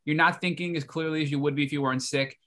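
A man's voice: a little high, steady tone, fast talker, a bit bright. A man hosting a podcast, recapping the guest's story and asking follow-up questions. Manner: engaged, recaps and asks questions. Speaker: podcast host. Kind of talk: interview.

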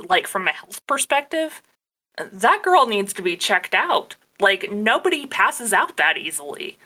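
A woman's voice: mid-range voice, big pitch swings, normal speed, sharp tone. A young woman co-hosting a casual chat, emphatic and swearing casually. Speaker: podcast co-host.

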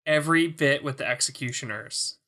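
A man co-hosting a casual podcast chat, animated as he retells jokes from a show and swears for emphasis. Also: medium pitch, fairly quick. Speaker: podcast co-host.

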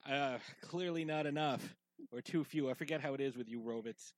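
A man's voice: mid-range voice, normal speed, no echo, low-quality recording. A man co-hosting a casual podcast, talking in a rambling way with lots of fillers and restarts, sipping whiskey as he goes. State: drinking whiskey while talking. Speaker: podcast co-host.

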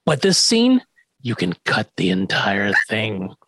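Animated man in casual podcast chat. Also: on the low side, takes it slowly, no echo. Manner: animated, acts out lines from scenes. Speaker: podcast co-host recapping a TV episode.

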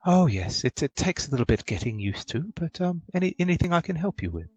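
A man's voice: on the high side, sing-song, quick pace, husky, no room sound, dull audio, pitched above the performer's own voice. A man doing a kindly old halfling mother.

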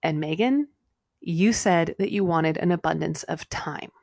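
A woman co-hosting a casual spiritual podcast, animated and swearing now and then, a little out of breath. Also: deep voice, a little slow, creaky, dry recording, studio quality. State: slightly out of breath. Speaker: podcast co-host.

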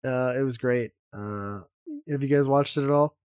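A man's voice: mid-range voice, moderate pace, a little mellow, smooth, dry recording, studio quality. A man hosting a casual podcast chat, talking enthusiastically and rambling with lots of fillers. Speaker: podcast host.

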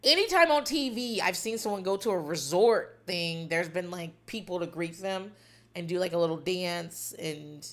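A woman's voice: lowish voice, animated, moderate pace. A woman hosting a podcast who recaps a reality dating show in a rambling, wry, profane casual chat.

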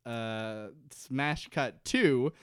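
A man's voice: medium pitch, drawn-out words, smooth, dry recording, clean studio sound. A man co-hosting a podcast, recapping a TV episode in joking casual chat and acting out the characters' lines with laughs. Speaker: podcast co-host.

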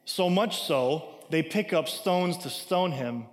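A man's voice: on the high side, lively intonation, takes it slowly. A man preaching a sermon in a conversational way, reading scripture aloud and explaining it with casual asides and frequent "right?". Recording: long hall reverb.

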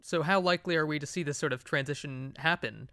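A man's voice: fairly high pitch, fast, bright, forceful tone, no echo. A man interviewing a guest, asking direct, concise questions.

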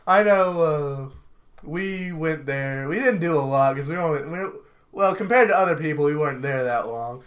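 A man's voice: fairly high pitch, normal speed. A young man co-hosting a casual podcast chat, rambling, laughing often and trailing off mid-sentence. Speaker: podcast co-host.

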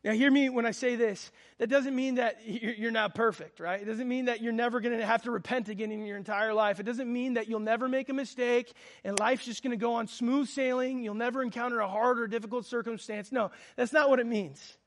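A man's voice: very high voice, steady tone, fairly quick, few pauses. A man in his thirties preaching a sermon, telling a personal story with fervent, earnest delivery. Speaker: pastor.

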